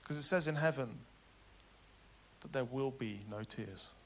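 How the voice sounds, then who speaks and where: A man preaching a sermon dramatically, swinging between loud urgency and hushed tenderness. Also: mid-range voice, a little slow, creaky, a little hiss or hum.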